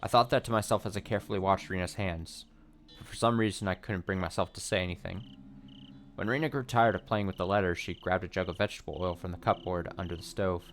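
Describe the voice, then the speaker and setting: A man hosting a let's play, reading a visual novel's text aloud in a steady voice with short wry asides. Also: sits low, fast, a little hiss or hum.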